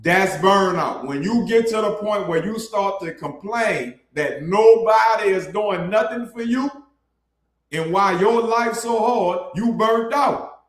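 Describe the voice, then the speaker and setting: A man's voice: high-pitched, slow. Blunt street preacher man, echoey room. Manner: blunt, preachy, colloquial, addresses listeners as bro. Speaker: street preacher hosting an online ministry. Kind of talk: casual street sermon.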